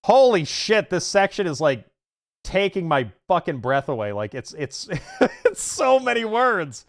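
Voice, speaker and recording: A man streaming a dating game, excitable and swearing casually as he reacts to the story. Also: high-pitched, a little slow, creaky. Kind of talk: casual gaming stream commentary.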